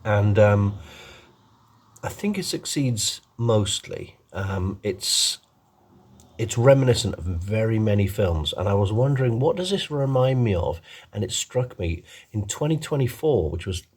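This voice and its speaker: A man's voice: lowish voice, expressive, a little slow, darkish tone, husky. A man giving a rambling, casual film review, full of ums and restarts.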